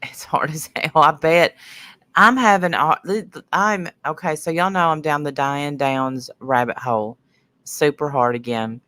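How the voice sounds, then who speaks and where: On her casual livestream, a sinus-sniffly middle-aged woman rambles chattily, dropping viewers' names into her sentences between stories. Her voice sits low, fairly bright, at a measured pace.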